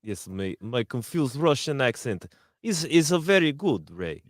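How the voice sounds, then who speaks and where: A man co-hosting a podcast in casual banter, cracking deadpan jokes and reading chat comments aloud. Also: mid-range voice, unhurried, no room sound, clean studio sound. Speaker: podcast co-host. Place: podcast studio.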